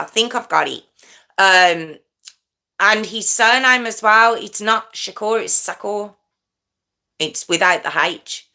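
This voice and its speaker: With a lowish voice that sounds pushed and bright, a middle-aged woman chats casually and rambles on her true crime livestream. She keeps tripping over words and correcting herself.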